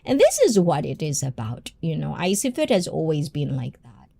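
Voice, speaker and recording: A woman's voice: deep voice, sing-song, normal speed, creaky, mellow, slightly rough. A woman hosting a casual livestream, a personal trainer who chats with viewers by name and laughs often.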